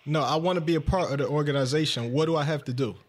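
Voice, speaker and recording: Brief: male podcast host, slightly high voice, animated storyteller who swears a lot. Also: fast. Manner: animated, swearing, acts out his own lines in a high excited voice. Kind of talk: casual storytelling chat.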